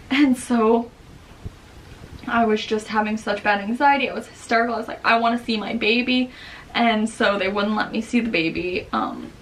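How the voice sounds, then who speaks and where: A young woman with a Long Island accent tells a personal story to camera in a casual, chatty way, full of "like" and quick quoted bits. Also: medium pitch, creaky, fairly bright tone, far from the mic, low-quality recording. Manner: chatty, many "like"s, quotes others in quick bursts. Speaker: vlogger.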